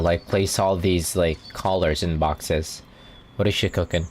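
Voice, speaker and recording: Low-voiced man musing over a game. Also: steady tone, measured pace, slight background noise. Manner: puzzled, rambling asides. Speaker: gaming streamer. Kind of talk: casual let's play commentary. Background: game music.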